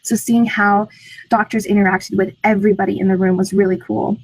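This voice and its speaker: A teenage girl speaks with bubbling enthusiasm, peppering her answers with "like." Her voice sits at a medium pitch. The sound is dry and close. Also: flat delivery, a little fast, slightly rough, no room sound, rough recording. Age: teens. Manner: enthusiastic, frequent "like" fillers. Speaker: program alumna. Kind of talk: interview answers.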